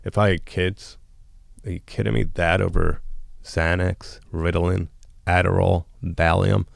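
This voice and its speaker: A podcast guest with a low, creaky voice shares a raw personal story in an unhurried, flat delivery, though the content is blunt and emotional. He frequently restarts and quotes dialogue, and the studio-quality audio has no echo.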